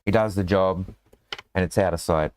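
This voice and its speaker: A man's voice: deep voice, fairly even intonation, moderate pace, darkish tone, a little hiss or hum. A man running a tabletop game as game master, in a rambling, casual way full of fillers and restarts.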